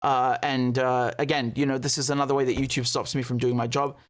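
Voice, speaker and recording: A man's voice: mid-range voice, level tone, fairly quick. A man giving indignant, sarcastic commentary as he reacts to news clips. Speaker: political commentator.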